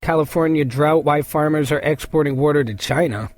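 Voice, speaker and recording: A man's voice: fairly high pitch, brisk, a little mellow. A man hosting a podcast, reading news headlines aloud and adding profane, joking asides, stumbling over hard names. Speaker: podcast host. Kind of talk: reading headlines with casual commentary.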